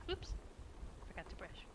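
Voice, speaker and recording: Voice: slow pace, noisy background. A streamer chatting casually with their audience while drawing emotes, rambling and chuckling often.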